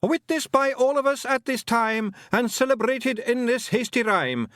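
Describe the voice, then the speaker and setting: A man's voice: very high voice, animated, measured pace, fairly bright tone, dry recording, clean studio sound, voice pushed up, full character voice. A man voicing a tiny theatrical male pixie poet who wails his verse. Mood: mournful declaiming. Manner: wailing, declaiming.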